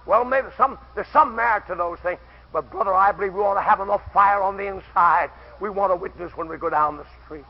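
A man preaching a fervent camp-meeting sermon who bursts into shouted exclamations. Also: sits high, quick pace, husky. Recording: dull lo-fi old sermon recording.

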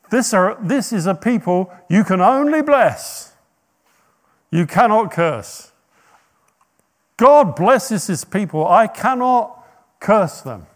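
Man doing a high, emphatic prophet voice, insistent and lively. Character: stubborn angry male prophet refusing to curse.

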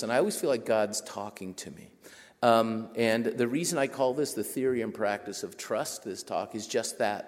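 A man giving a storytelling talk, animated and self-deprecating, jumping up in pitch when he quotes people. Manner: animated, jumps to high excited pitch for quoted voices. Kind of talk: storytelling lecture. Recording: long reverb of a hall.

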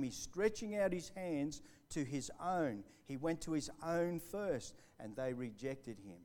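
Fervent preacher, fairly high voice. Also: male voice. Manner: fervent preaching with rising emphasis, then hushed storytelling. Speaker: pastor. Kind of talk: sermon. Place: church hall, recorded live.

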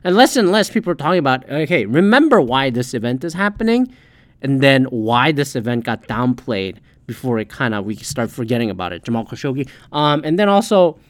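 A man's voice: medium pitch, very animated, a little fast, dry recording. A man hosting a podcast, ranting heatedly in casual solo commentary and swearing often. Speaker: podcast host.

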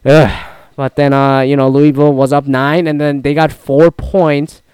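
Smooth-voiced man in rambling sports chat. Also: fairly high pitch, little pitch movement, a little slow, darkish tone, no echo. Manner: rambling, profane, frequent restarts. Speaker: podcast host. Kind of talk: casual solo sports chat.

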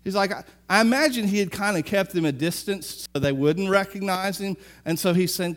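A middle-aged man preaching, retelling a story with lively asides and acting out the characters' lines. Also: high voice, moderate pace. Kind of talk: sermon.

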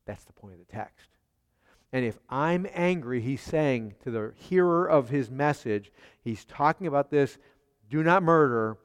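Preacher in a reverberant hall. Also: male voice, medium pitch, animated, measured pace, clear, resonant tone. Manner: asks the congregation rhetorical questions, swings between soft and emphatic. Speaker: pastor. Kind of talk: expository sermon.

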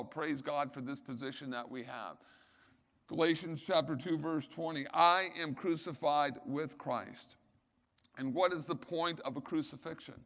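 A man with a fairly high voice preaches with fervor, pressing his points home and throwing questions at his listeners. His words ring out with a long echo of a large hall. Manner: emphatic Bible teaching with rhetorical questions, rising to loud peaks. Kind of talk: sermon.

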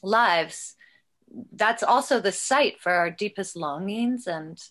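A woman's voice: mid-range voice, expressive, a bit bright. A woman in casual conversation who muses thoughtfully and restarts her sentences often as she searches for words. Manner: musing, thoughtful, halting restarts.

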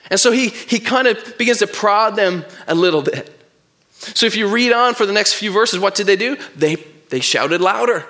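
A man's voice: high-pitched, animated, moderate pace, sharp tone. A male pastor preaching a sermon, telling a story expressively and reading scripture aloud.

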